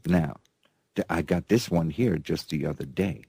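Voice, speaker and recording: A man's voice: low voice, normal speed, vocal fry, warm tone, breathy edge, no echo. A man hosting a talk radio news show, folksy and sarcastic, with constant "right? okay?" asides.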